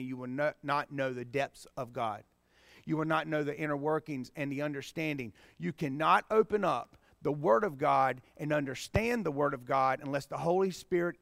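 A man preaching a sermon as pastor, swinging from hushed, tender passages to emphatic, rising appeals. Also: fairly high pitch, vocal fry, no room sound. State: choked up with emotion.

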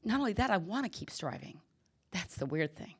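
A woman's voice: mid-range voice, sing-song, brisk, slightly rough. A middle-aged woman giving a candid personal testimony at a recovery meeting, telling stories and acting out the quoted dialogue.

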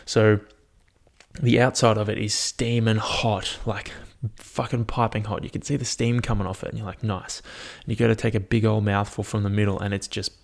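A man's voice: fairly low pitch, level tone, brisk, vocal fry. A young man, hosting a solo podcast in a rambling, laid-back, sweary way. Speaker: podcast host. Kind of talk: casual solo podcast chat. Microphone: podcast microphone.

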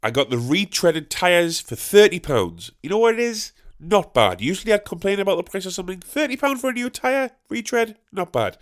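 A man's voice: high-pitched, a little fast, hardly any pauses. Sweary man telling a story. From northeast England. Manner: sweary, self-mocking, animated ranting. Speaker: podcast host. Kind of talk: comedic storytelling monologue.

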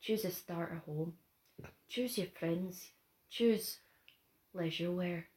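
A woman putting on a rough, low Scottish voice to recite a defiant monologue, laughing through it. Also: slow, a little mellow. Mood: mock-defiant. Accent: Scottish, put on. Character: gruff Scottish monologue reciter, attempted impression.

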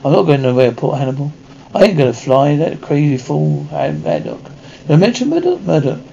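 A man acting in a 1980s TV action drama, trading brisk, gruff banter, heard on a dull lo-fi TV soundtrack. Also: fairly high pitch, sing-song, warm tone, slight background noise. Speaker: TV actor.

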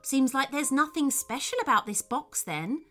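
A woman voicing a small, nervous teddy bear who speaks softly and stammers. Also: high-pitched, lively intonation, normal speed, faint music behind.

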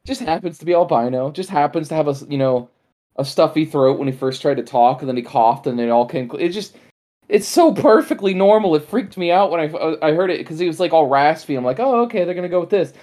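Podcast co-host, woman, low mellow voice, rambling casual movie chat. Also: a little fast. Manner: animated, rambling, acts out lines in high voices.

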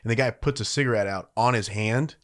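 Fields: low-voiced man, rambling podcast host. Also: brisk, fairly bright tone. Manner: rambling storyteller, full of "like" and "you know". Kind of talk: casual chat.

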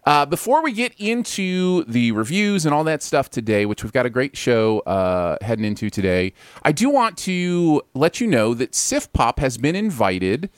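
A man's voice: medium pitch, very animated, moderate pace, clear, resonant tone, dry recording, studio quality. A man hosting a casual pop-culture podcast, chatty and loose, chuckling between lines and using plenty of fillers. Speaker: podcast host.

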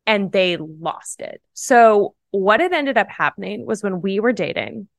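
Young adult woman, podcast guest; chatty, animated storyteller leaning on "like", mid-pitched voice, close dry sound. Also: unhurried, creaky, no room sound. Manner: animated, chatty, full of "like" fillers. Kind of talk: casual storytelling.

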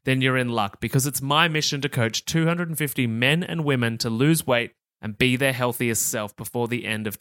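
A man's voice: medium pitch, a bit bright, smooth, no room sound. A man hosts a podcast, bubbly and talkative, laughing readily between sentences. His voice sits in a middle register, recorded close and dry with no room sound. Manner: upbeat, chatty, quick to laugh. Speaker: podcast host. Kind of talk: enthusiastic podcast interview.

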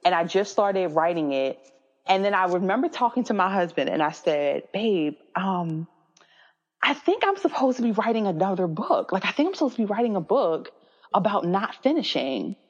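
Thirtysomething woman telling a story, lively, jumps way up when she quotes people, muffled audio. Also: fairly quick. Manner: animated, quoting herself with high-pitched voices. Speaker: guest. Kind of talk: casual storytelling. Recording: dull audio with long reverb.

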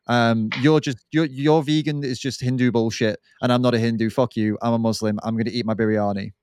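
A man's voice: medium pitch, fairly even intonation, a little fast, darkish tone, clear, resonant tone, no echo, pitched below the performer's own voice, close to an everyday voice. A man voicing a defiant, devout adult man who taunts and mocks, recorded on a dry close mic. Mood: scornful. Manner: taunting, mocking.

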